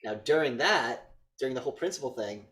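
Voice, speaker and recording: A man's voice: medium pitch, brisk. Swearing man recapping a movie. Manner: animated retelling with acted-out quotes, frequent swearing. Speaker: podcast co-host. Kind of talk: casual movie review chat.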